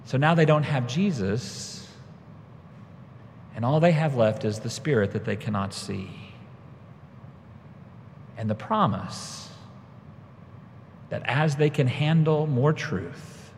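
A man's voice: mid-range voice, animated, slow pace, pauses often, a little hiss or hum. A man preaching a sermon, telling a personal story and tying it to scripture, his voice rising when he quotes his younger self. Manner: storytelling, rises when quoting himself. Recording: long reverb of a large hall.

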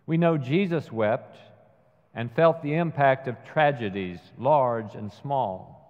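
A man preaching a sermon, retelling a film scene slowly and measuredly. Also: medium pitch. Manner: slow, measured storytelling with acted quotes. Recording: dull sound with long hall reverb.

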